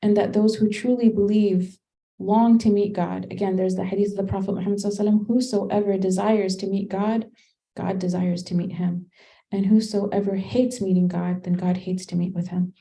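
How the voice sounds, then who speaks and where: Gravelly, dark-voiced woman teaching scripture. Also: mid-range voice, flat delivery, brisk, poor audio. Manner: conversational, thinking aloud with fillers and restarts. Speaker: religious teacher. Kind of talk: Qur'an study lesson.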